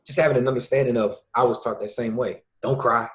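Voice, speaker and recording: A man from Illinois, a podcast guest and youth mentor, talking casually and acting out quoted dialogue with lively changes of voice. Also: mid-range voice, fast talker. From Lake County, Illinois, USA. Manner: lively storyteller who acts out quoted dialogue. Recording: dull lo-fi recording.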